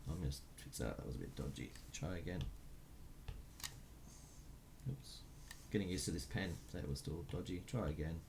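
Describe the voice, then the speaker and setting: A man's voice: low-pitched, normal speed, gravelly, pauses often, noisy background. A man teaching a recorded music lesson, counting beats aloud and chanting rhythm syllables while writing notes.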